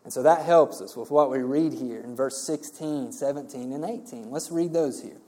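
A man's voice: mid-range voice, moderate pace, mellow. A man preaching verse by verse through a Bible passage in a conversational way, often checking in with the listeners. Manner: conversational, asks rhetorical "right?" checks.

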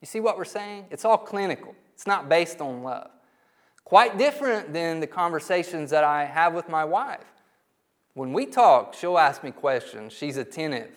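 A man's voice: a little high, expressive, moderate pace. A middle-aged man preaching a sermon in church as pastor, emphatic and repetitive, often asking the congregation rhetorical questions. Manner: emphatic, repeats key words, asks the congregation rhetorical questions.

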